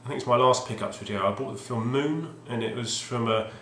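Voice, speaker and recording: Man, casual vlog ramble, hesitant and wry, mid-pitched, roomy echo, faint background hiss. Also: fairly quick, fairly bright tone. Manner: hesitant, restarts often, wry. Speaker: video game collector vlogger. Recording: roomy echoey home recording.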